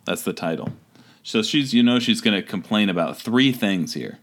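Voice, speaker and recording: On a comedic podcast, this male co-host reads a review aloud in a lowish, expressive voice at normal speed. He laughs a lot and performs the quotes as he goes.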